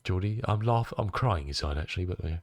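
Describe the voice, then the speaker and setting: Animated, chatty male streamer, dry sound. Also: deep voice, a little fast, no room sound. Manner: chatty, muttering to himself while fixing things, answering chat. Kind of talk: casual live-stream chat.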